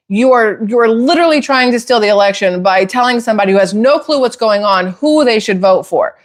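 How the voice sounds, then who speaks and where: A woman hosting a casual opinion talk for viewers, heated and emphatic, climbing into outraged near-shouts. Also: a little high, lively intonation, a little fast, few pauses. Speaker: political commentary host.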